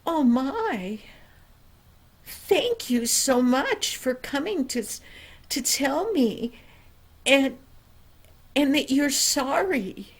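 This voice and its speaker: A kindly old neighbor woman in a storybook, gracious and warmly emphatic, in a raised, slightly higher voice, as a grandmother puts her on. She speaks slowly and pleasantly, savoring every word. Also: big pitch swings, exaggerated voice.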